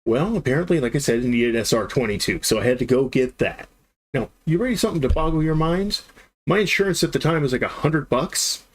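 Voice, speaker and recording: A man in his thirties chats away on a live stream in a plain, mid-pitched voice. He rambles through a long story, acting out the dialogue with lively jumps in his tone. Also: fairly quick. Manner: rambling, animated storyteller who acts out the dialogue.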